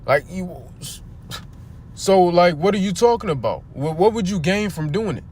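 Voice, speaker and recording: A man with a fairly high voice preaching on a livestream near a street. He is fervent and blunt, swearing as he talks. He reads scripture and fires rhetorical questions at his listeners, with a faint hum of background noise. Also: animated, moderate pace, a little mellow. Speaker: preacher streaming a scripture teaching.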